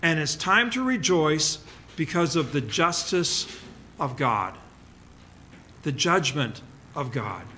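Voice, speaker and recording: A man preaching a sermon, reading scripture dramatically and letting his voice fall to a hush on key words. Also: on the high side, sing-song, slow, long pauses, a little hiss or hum. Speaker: pastor.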